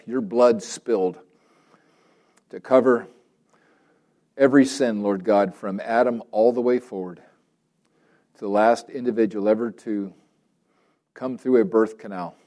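A male pastor speaks with a mellow, warm tone at an ordinary pitch. He prays and preaches earnestly, stacking repeated phrases and leaning slowly on the words he wants to land. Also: fairly even intonation. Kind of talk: prayer and sermon.

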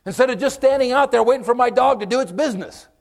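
A man preaching a conversational sermon, folksy and direct with his listeners, swinging from loud emphasis to hushed, whispered moments. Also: extremely high pitch, quick pace, creaky. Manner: folksy, direct, addresses listeners with okay and amen.

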